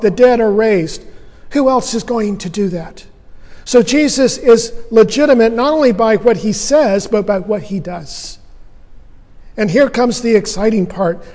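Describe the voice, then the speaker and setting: A man's voice: high voice, darkish tone, big-room sound. A man preaching a sermon as pastor, earnest and emphatic, asking rhetorical questions.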